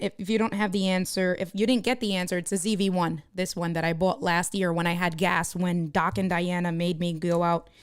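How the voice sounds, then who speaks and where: A woman's voice: medium pitch, smooth, no room sound, studio quality. A woman live streaming, chatting casually with viewers, demonstrating camera gear and reading comments aloud.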